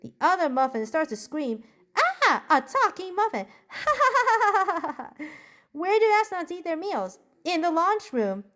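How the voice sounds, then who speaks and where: A woman doing bubbly high-pitched Gwen Tennyson. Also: big pitch swings, moderate pace, few pauses. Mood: cheerful joking. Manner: bubbly, giggly joke-telling. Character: cheerful bookish preteen girl, upbeat and chatty. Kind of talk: journal-style character monologue.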